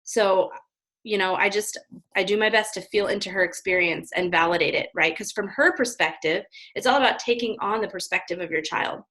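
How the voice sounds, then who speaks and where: Brief: woman guest, earnest, long explanations, mid-range pitch, casual interview talk. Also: brisk, a bit bright. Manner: earnest, explains at length, often adds "right?". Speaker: parenting guest.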